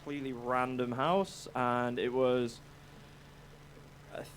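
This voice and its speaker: A man's voice: medium pitch, fairly even intonation, takes it slowly, a little hiss or hum. A male musician chatting as a guest about his songs, laid-back, rambling and a bit sweary. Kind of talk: casual interview chat.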